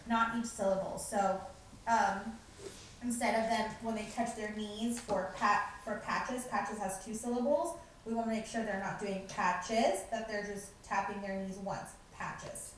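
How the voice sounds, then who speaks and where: A woman's voice: medium pitch, steady tone, normal speed. A woman presenting a preschool curriculum to teachers, explaining steps and modeling how to speak to a class. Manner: modeling lines in a bright teacher voice. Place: school library. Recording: echoey room, distant mic, faint noise.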